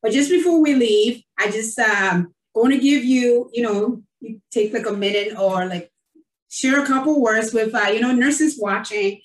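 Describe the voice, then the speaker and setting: Woman host and nurse, effusive and chatty, slightly high, roomy far-off sound. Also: measured pace. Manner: effusive, many fillers, emotional. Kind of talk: casual online interview. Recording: roomy, distant from the mic.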